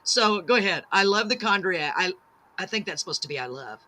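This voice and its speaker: A woman's voice: fairly low pitch, animated, brisk, pushed and bright. Bubbly woman hosting a live show. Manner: bubbly, gushing, self-deprecating. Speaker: talk show host. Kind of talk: live-stream chat, reading viewer comments.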